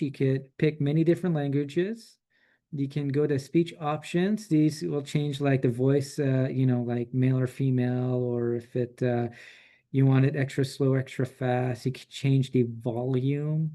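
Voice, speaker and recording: A man presenting a software tool in a relaxed, chatty way, with frequent fillers and restarts. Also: medium pitch. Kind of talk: casual software demo.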